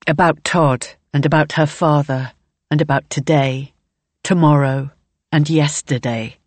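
A woman reading a novel aloud in measured, present-tense audiobook narration. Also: low voice, steady tone, no room sound.

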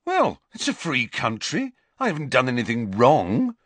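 A man's voice: mid-range voice, huge pitch swings, moderate pace, fairly bright tone, no room sound, voice pushed up. Ron, a sulky teen boy, as a man reads him. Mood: resentful. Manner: resentful mumbling. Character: sulky defensive teenage boy wizard.

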